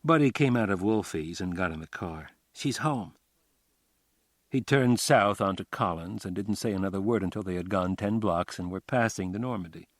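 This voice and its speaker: A man reading a crime novel aloud as an audiobook narrator, in a wry, even storytelling manner. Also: low-pitched, brisk, hardly any pauses, dry recording, clean studio sound. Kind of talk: scripted narration.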